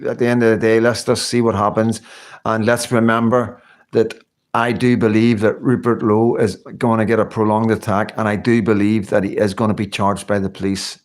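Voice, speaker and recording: A man's voice: fairly low pitch, little pitch movement, brisk. A man hosting a casual livestream, rambling through viewers' comments with lots of fillers and tag questions. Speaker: livestream host.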